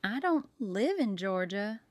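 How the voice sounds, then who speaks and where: A woman's voice: medium pitch, big pitch swings, takes it slowly, dry recording, clean studio sound. A woman reading an audiobook, voicing a cranky, confused elderly aunt who rambles and grumbles on the phone. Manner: querulous, rambling, cackling.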